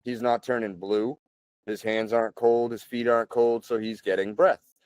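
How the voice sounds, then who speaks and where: A man in his thirties, a podcast guest, talking in a relaxed, chatty way full of "like" and "you know" and clearing his throat often. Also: mid-range voice, normal speed, no room sound. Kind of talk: casual conversational storytelling.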